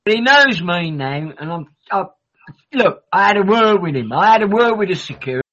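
A man with a high, bright voice that swoops up and down as he rambles and swears through a casual chat. The audio is dull and lo-fi. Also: animated, brisk.

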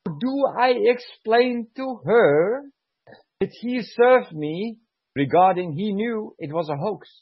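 A man's voice: sits high, expressive, slow, slightly rough, dry recording. A man who served as an army sergeant, talking heatedly and emotionally, swearing and repeating himself to press his point. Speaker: former army sergeant, guest. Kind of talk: heated conversational rant. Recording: dull lo-fi sound.

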